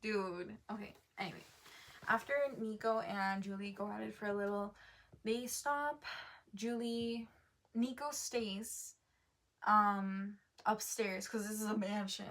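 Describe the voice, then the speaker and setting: A woman's voice: medium pitch, a bit bright. A woman chatting casually about a book she read, rambling and full of fillers, stopping often to correct herself. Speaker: book reviewer. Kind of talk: casual book review chat.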